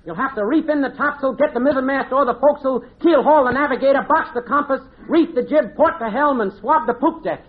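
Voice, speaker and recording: A high, fast, gruff pirate first mate. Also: male voice. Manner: barking orders, salty sailor talk. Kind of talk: 1950s radio comedy acting. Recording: tinny noisy old radio broadcast.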